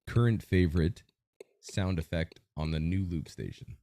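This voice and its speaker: Man, podcast host, deep, warm tone, energetic announcer style. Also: moderate pace. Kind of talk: hype-style interview hosting.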